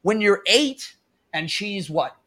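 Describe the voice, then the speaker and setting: A man's voice: high voice, expressive, slow, bright, forceful tone, no room sound. A man in his thirties hosting a podcast in a casual, rambling, chatty way, swearing now and then. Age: 30s. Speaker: podcast host. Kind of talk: casual chat.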